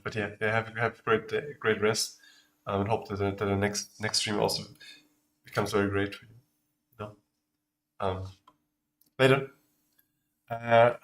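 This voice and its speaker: A man's voice: lowish voice, fairly bright tone. A man from Austria with an Austrian German accent whose first language is German. He chats casually on a livestream while building a game, talking in a distracted way as he works. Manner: distracted, talks while working. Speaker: streamer making a game.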